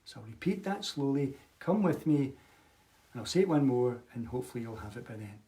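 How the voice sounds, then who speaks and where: A man leading a guided meditation, speaking affirmations in a slow, soothing, repetitive way. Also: mid-range voice, very animated, warm tone. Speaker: meditation teacher. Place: home, live online session. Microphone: webcam or computer mic.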